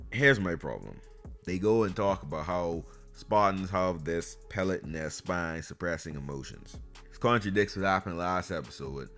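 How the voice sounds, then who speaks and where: A man giving an exasperated, sarcastic ranting review of a video game series. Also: sits low.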